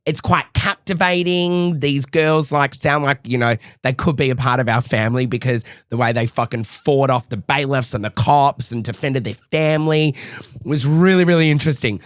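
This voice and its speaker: A young Australian man co-hosting a podcast, telling stories in a lively, swearing, casual way. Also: mid-range voice, normal speed, no echo, studio quality. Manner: animated, swears freely, acts out quotes. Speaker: podcast co-host. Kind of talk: casual chat, storytelling.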